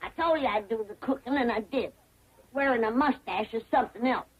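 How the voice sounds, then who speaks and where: An actress playing a feisty, cantankerous old backwoods granny with a drawl, scolding and folksy, in 1960s sitcom style. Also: female voice, fairly high pitch, a little fast, husky, dull audio. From Ozark Mountains, Missouri. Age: older. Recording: 1960s TV sound with laugh track.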